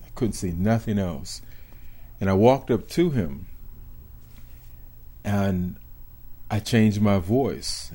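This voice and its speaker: A man in his sixties, a former police officer, telling his own story in an interview in a measured, deliberate way with reflective pauses. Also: sits low, mellow.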